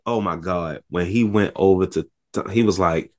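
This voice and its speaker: A man chatting casually about a movie, retelling scenes with animated voices and lots of swearing. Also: sits low, normal speed. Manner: animated storytelling, acts out scenes, swears a lot. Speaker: podcast co-host.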